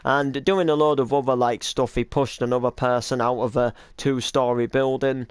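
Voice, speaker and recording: A man's voice: mid-range voice, flat delivery, moderate pace, clear, resonant tone, dry recording. A man who runs a game roleplay series, chatting casually and rambling with many hesitations and restarts. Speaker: roleplay series creator and cameraman. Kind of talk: casual chat.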